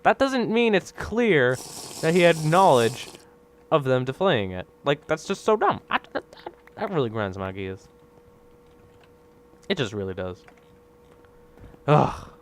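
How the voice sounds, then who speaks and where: A young man rants casually over gameplay, his pitch bouncing widely as he rambles from one gripe to the next. His voice sits a little high for a guy, and he keeps tossing out "right?" as he complains with exasperated energy. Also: sing-song, a little slow, pauses often, a little hiss or hum. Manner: exasperated griping. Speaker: gaming video creator.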